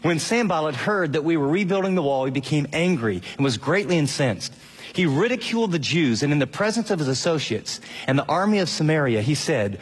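A middle-aged man preaches a lively radio sermon and acts out quoted voices as he goes. His voice is husky and a little breathy. A long hall reverb trails his words. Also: medium pitch, fairly quick. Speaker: pastor.

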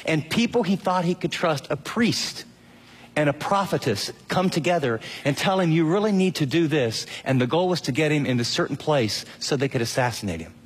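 A middle-aged male pastor preaching an animated sermon, acting out quotes in shifting voices. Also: a little high, normal speed, slightly rough, big-room sound. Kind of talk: radio sermon.

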